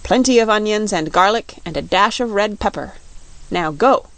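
A fierce, wrinkled old queen of a cave folk, as a woman reads her, sharp and commanding. She talks in clipped orders from a storybook. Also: medium pitch, normal speed, creaky, lightly acted. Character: grim two-faced old queen, fierce.

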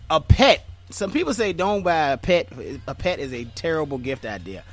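A man's voice: a little high, sing-song, normal speed, faint music behind. A man co-hosting a casual chat show, joking and laughing often, repeating himself. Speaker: podcast co-host.

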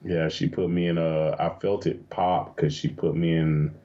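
A man being interviewed as a guest, chatting casually and telling lively, profane stories with plenty of laughter. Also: deep voice, normal speed, dull audio. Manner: animated, profane storytelling with frequent laughs. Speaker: interview guest, adult film performer. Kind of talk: casual chat.

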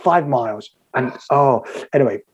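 A man tells a personal story, halting and repeating phrases for emphasis. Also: mid-range voice, a little mellow, muffled recording, slight background noise.

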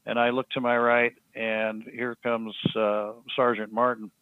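A man, a podcast guest, telling a story in a halting, earnest way with many restarts. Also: medium pitch, flat delivery, smooth, no room sound. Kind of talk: storytelling in an interview. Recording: thin phone-like line, dry.

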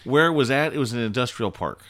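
A man's voice: medium pitch, expressive, fast talker, a bit bright. A man in his forties on a casual podcast, telling crude stories, swearing constantly. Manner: profane storytelling.

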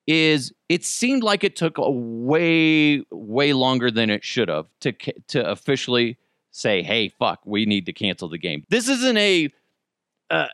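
A man hosting a solo commentary show, ranting with heavy swearing and swinging between loud outbursts and low muttered asides. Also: no room sound, clean studio sound. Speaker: show host.

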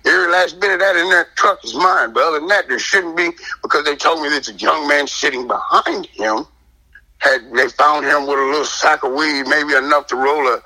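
Guest, man, high bright husky voice, animated storyteller acting out his exchanges. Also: rough recording. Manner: indignant, emphatic, acts out dialogue.

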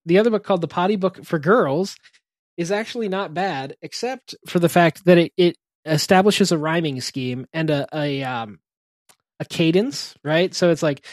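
A man and parent chatting casually, telling funny anecdotes in halting bursts, laughing often and breaking off mid-sentence. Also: on the high side, dry recording, clean studio sound. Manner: chuckling, halting, self-interrupting anecdotes. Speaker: podcast co-host, parent. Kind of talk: casual chat, storytelling.

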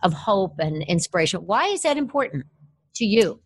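A woman's voice: mid-range voice, very animated, moderate pace, no room sound. A woman hosting an interview, asking friendly open follow-up questions. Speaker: interview host. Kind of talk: conversational interview.

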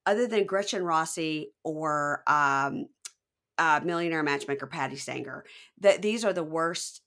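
Woman, podcast host, lively retelling, lowish pitch, bright tone. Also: measured pace. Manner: animated retelling, acting out quotes. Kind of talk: casual recap chat.

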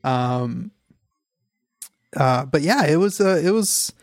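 A man's voice: on the high side, expressive, no echo. Rambling male podcast co-host, dry sound. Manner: rambling, halting, many fillers. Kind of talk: casual chat.

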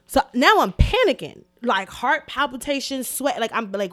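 A young adult woman telling a story in a casual podcast chat, animated, emphatic and full of profanity. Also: mid-range voice, fairly quick, hardly any pauses. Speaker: podcast co-host.

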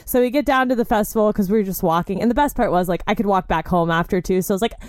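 A woman in her twenties telling a story in casual chat, swearing freely, saying "like" a lot, and getting animated when she quotes herself. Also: medium pitch, rapid-fire, no echo, studio quality. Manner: chatty, profane, heavy use of "like", animated when quoting herself.

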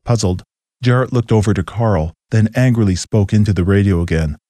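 Low, mellow male storyteller. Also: a little fast, dry recording. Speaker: narrator. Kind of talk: scripted story narration.

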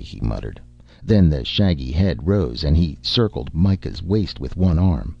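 A man reading a story aloud as a narrator, in measured scripted narration. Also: a bass voice, big pitch swings, creaky, warm tone, husky, dry recording, dull audio. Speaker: audiobook narrator.

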